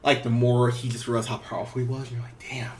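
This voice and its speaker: A man's voice: medium pitch, level tone, quick pace, a little mellow. A man hosting a movie podcast. He rambles through a casual review, swearing freely and laughing often. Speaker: podcast host.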